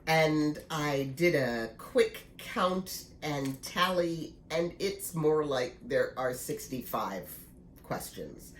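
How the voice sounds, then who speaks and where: A woman's voice: sits low, lively intonation, slow pace. A woman in her sixties, slightly congested, chatting casually and laughing easily in a knitting vlog. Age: 60s. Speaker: knitting vlogger. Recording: echoey room with faint noise.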